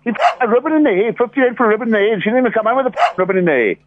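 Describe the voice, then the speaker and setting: A man's voice: high-pitched, very fast. Swearing South African man on a phone. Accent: South African English. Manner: furious ranting, heavy swearing. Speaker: prank call victim. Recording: muffled phone line with noise.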